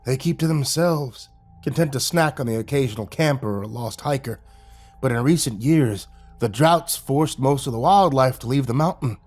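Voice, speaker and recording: A man voicing an older rural man who tells grim local lore in a slow, folksy drawl. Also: medium pitch, darkish tone, breathy edge, soft background music, natural voice. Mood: ominous.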